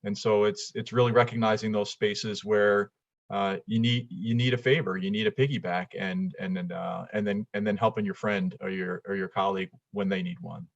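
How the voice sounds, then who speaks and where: A man sits in as an interview guest, his low voice coming through slightly dulled webinar audio. He talks in an unhurried, halting way, filling pauses with ums as he gathers his thoughts. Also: fairly even intonation, creaky, dry recording, highs cut off. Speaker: guest, business executive and author. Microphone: video call.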